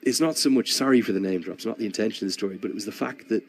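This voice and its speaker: A man's voice: lowish voice, racing. A man commentating live on a cricket match while telling a long, rambling anecdote, with frequent restarts.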